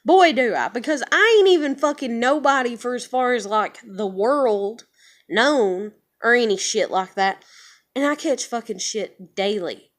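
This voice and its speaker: Woman vlogger with a somewhat high voice, frustrated and swearing constantly through a casual rant to camera. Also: expressive, unhurried. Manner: frustrated, heavily profane ranting. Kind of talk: casual venting monologue to camera.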